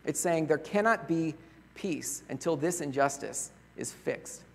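A man preaching a sermon as a pastor, earnest and conversational, often pausing on rhetorical questions. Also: a little high, animated, gravelly. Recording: long reverb of a large hall.

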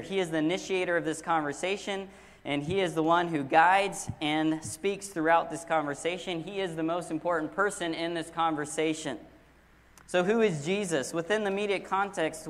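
A man's voice: a little high, a bit bright. A man preaching a sermon as pastor, earnest and emphatic, leaning hard on key words. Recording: long hall reverb.

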